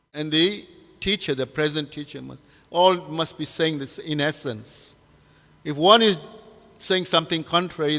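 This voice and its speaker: A man leads a devotional scripture class with a gravelly, slightly high voice. He speaks haltingly, with many fillers and restarts, and turns to his listeners with questions. His voice carries a long hall reverb. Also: fairly bright tone.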